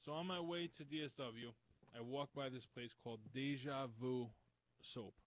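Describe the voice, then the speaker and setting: A man's voice: mid-range voice, steady tone, normal speed, a little hiss or hum, low-quality recording. A man co-hosting a comedy show, telling a long anecdote in a wry, blunt, profane way. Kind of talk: casual storytelling.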